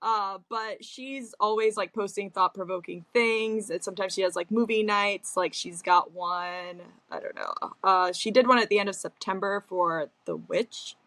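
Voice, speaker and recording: A woman chatting as a podcast guest in an easygoing way. She hesitates often and fills pauses as she goes. Her voice is mid-pitched, and the sound is dry and close. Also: lively intonation, fairly bright tone, no room sound. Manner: easygoing, hesitant, many fillers. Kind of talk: casual podcast chat.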